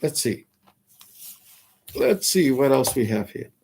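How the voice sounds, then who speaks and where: A man's voice: mid-range voice, expressive, slow pace, a little mellow, husky. A man hosting a talk show, delivering an emphatic, preachy political monologue full of rhetorical questions and Hebrew and Yiddish terms. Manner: rhetorical questions, mimics critics' voices. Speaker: radio talk host.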